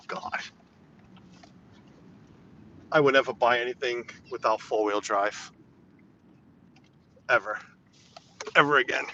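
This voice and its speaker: A man's voice: mid-range voice, pushed and bright, slight background noise. Rambling man live-streaming from his car. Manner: chatty, rambling, reads viewer comments aloud. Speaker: vlogger driving in snow. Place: inside a car on snowy roads. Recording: slightly dull lo-fi phone audio.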